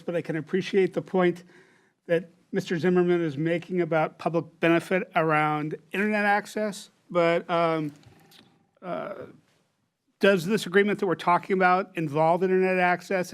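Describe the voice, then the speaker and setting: A man's voice: sits high, fairly even intonation, moderate pace. A man serving as deputy mayor who asks staff a question in a thoughtful, hesitant way. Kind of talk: council discussion.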